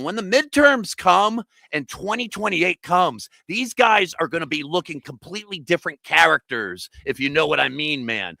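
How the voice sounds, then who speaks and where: A man riffing in a loud, rambling comic rant full of slang. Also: sits high, gravelly, no room sound. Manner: loud, rapid, jokey rants with slang. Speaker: comedian guest.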